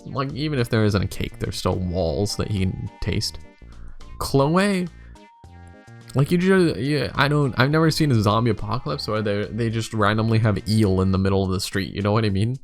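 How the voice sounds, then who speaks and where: A man's voice: mid-range voice, creaky. A man casually thinking aloud while ranking game characters, rambling with lots of fillers. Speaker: YouTuber. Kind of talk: casual commentary for a tier list.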